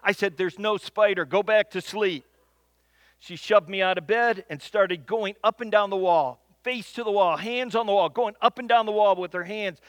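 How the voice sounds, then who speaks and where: A man from Michigan telling a humorous personal story, with dramatic pauses, repeated phrases and building suspense. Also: high voice, no echo.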